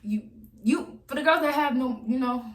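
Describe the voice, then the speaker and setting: A woman's voice: high voice, moderate pace. A woman in her twenties telling a story to camera, blunt and profane, chatty and casual. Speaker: vlogger. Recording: echoey room.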